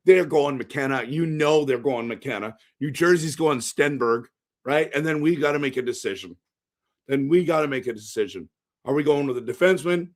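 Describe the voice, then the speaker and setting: A man hosting a casual hockey livestream with a hoarse, strained voice. He rambles, reads viewer comments aloud and jumps into excited outbursts. His pitch sits in an ordinary middle range. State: hoarse, voice shot. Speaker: hockey fan streamer hosting a post-game show. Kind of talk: casual live-stream chat.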